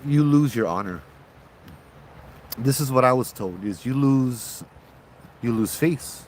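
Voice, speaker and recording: A man's voice: mid-range voice, slow pace, slight background noise. Tipsy Hawaiian man telling ghost stories outdoors. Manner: relaxed, rambling, with local slang. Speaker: host, ghost-story teller. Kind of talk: casual spoken storytelling. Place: outdoors at night.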